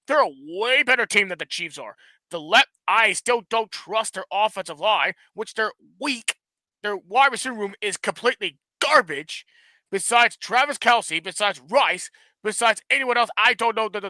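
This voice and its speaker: A blunt, opinionated man co-hosts a football talk stream, tripping over his words and now and then swearing. His voice is high and strikingly sharp-edged. He is recorded dry and close, with no room sound. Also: expressive, moderate pace, no echo, low-quality recording. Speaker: co-host. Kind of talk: casual sports talk stream.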